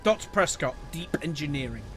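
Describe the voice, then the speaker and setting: Animated and fairly quick, a man with a highish voice speaks over music as he streams a video game. He reads each character's lines aloud in playful voices and jokes between them in this let's play.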